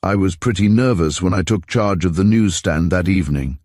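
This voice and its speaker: A man narrating a classic mystery story in the first person in an even, steady way. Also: low-pitched, moderate pace, no room sound, studio quality. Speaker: audiobook narrator.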